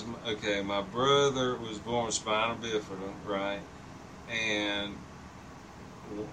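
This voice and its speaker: A man in his fifties telling a long story in casual chat. He rambles, swears freely and laughs often. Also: on the low side. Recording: distant mic with noticeable background noise.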